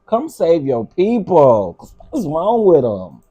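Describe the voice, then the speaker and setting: A man's voice: fairly high pitch, wildly swooping pitch, slow, mellow, slightly rough, highs cut off. A middle-aged man hosting a casual live commentary stream, exasperated and ranting as he answers his chat. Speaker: livestream commentary host.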